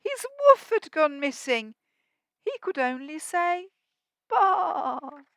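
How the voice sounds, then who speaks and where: A woman teacher reading a rhyming picture book to young children at a school assembly, expressive and asking them questions so they join in. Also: high voice, takes it slowly, dry recording. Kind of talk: storybook read-aloud for young children.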